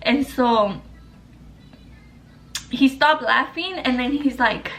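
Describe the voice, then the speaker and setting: A woman's voice: high-pitched, takes it slowly, pauses often, fairly bright tone, soft background music. A young woman vlogger telling a story to the camera in a rambling, profane, casual way, full of fillers.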